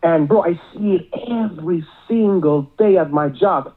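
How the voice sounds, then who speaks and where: A man's voice: high-pitched, moderate pace. A male caller, rambling with many filler words, heard over a phone line. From Miami area.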